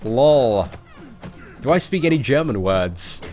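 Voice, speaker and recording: English male streamer, joking casual chat, animated pitch, faint music behind. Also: takes it slowly. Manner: chatty, joking, frequent restarts. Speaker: game streamer.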